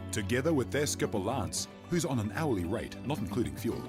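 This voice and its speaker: Kiwi bloke doing over-the-top tv voiceover, swoopy voice, music under. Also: male voice, mid-range voice, big pitch swings, fairly quick. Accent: New Zealand. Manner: dramatic announcer delivery. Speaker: announcer. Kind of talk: mock TV narration.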